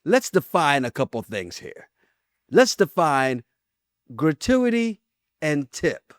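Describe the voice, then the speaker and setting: A man co-hosting a casual podcast who teases his friend and promotes the show with playful, dramatic pauses. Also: a little high, big pitch swings, no echo, studio quality. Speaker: podcast co-host. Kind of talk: casual chat.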